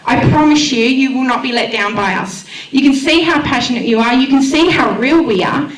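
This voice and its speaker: An Australian woman speaking to a community event crowd, heartfelt and enthusiastic as she pitches her volunteer radio station. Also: moderate pace. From Western Australia. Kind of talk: emotional public speech at a launch event. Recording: echoey room, voice far from the mic.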